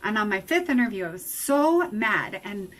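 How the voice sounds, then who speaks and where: A woman giving a lecture, telling a personal story in an emotional, animated way. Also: medium pitch, moderate pace, low-quality recording. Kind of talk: personal testimony talk.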